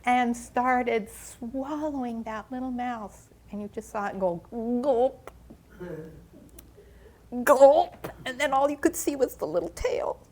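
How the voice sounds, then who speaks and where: An older woman telling a story dramatically at a ministry gathering, gasping, sighing and stretching out the suspense. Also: on the high side. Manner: dramatic, with gasps, sighs and drawn-out pauses. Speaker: ministry speaker. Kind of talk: animated children's storytelling. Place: church gathering.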